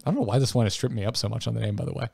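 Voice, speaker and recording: A man's voice: mid-range voice, steady tone, racing, gravelly, a little mellow, slightly rough, no echo, clean studio sound. A man co-hosting a podcast in casual chat, playful and self-mocking, stumbling over names. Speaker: podcast co-host.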